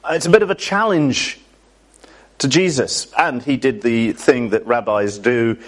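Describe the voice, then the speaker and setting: A man's voice: medium pitch, a little slow. A man preaching a sermon to a church congregation in a chatty way, often asking his listeners questions.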